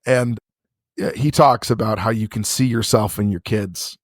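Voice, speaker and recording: A podcast co-host with a lowish, fairly even voice talks at a normal pace, telling stories frankly and with plenty of profanity on a casual show. The studio recording is clean, with no room sound.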